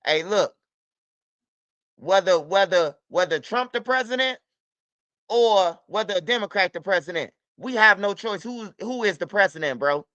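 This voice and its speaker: A man's voice: high-pitched, animated, normal speed, sharp tone, no room sound, dull audio. A man hosting a livestream, talking loosely and profanely in repeated street slang, addressing his chat by name. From United States. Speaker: livestream host. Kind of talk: casual livestream talk.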